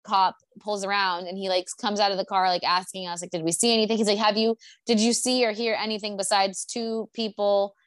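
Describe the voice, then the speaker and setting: A young woman chats casually from her apartment, rambling through a story with lots of filler words and swearing. Her mid-pitched voice is flat and fairly quick with few pauses, and the sound is close and dry with no room echo.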